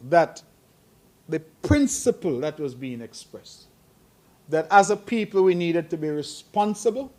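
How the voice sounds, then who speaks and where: A middle-aged man giving earnest, admonishing remarks at a press conference, growing emphatic. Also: high-pitched. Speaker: head of government at a press conference.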